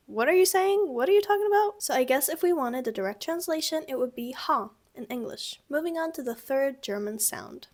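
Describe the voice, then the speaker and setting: A young woman with a high voice gives a casual video lesson on everyday sounds. She talks in a chatty, direct way and acts out each sound with big, exaggerated tones. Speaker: language teacher.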